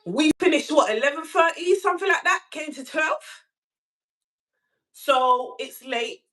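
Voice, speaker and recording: A woman hosting a casual live call-in stream from home, telling a story in an animated way and acting out what people said. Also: measured pace. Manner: animated storytelling, acts out quotes with big pitch jumps.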